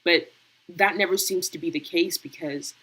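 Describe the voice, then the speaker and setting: A woman's voice: fairly low pitch, moderate pace, a bit bright, breathy edge, rough recording. A woman hosting a casual panel discussion over a video call, talking bluntly and emphatically with slang. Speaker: host.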